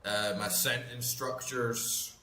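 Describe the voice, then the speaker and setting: A native English-speaking gaming channel host in his thirties chats slowly while playing, his medium-pitched voice steady, bright, and forceful. He rambles, fills pauses, and swears freely, recorded with roomy echo and faint background noise.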